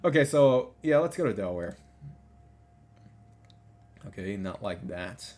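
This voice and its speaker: A man hosting a casual livestream, talking over a map and reading out numbers, excitable and often repeating himself. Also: lowish voice, measured pace, a little hiss or hum. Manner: excitable, exclamatory, repeats phrases. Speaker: livestream host.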